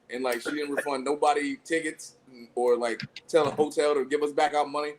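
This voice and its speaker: A man hosting a casual comedy podcast, telling profane, animated stories and laughing often. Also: fairly high pitch, a little fast, a little hiss or hum, poor audio. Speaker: podcast host.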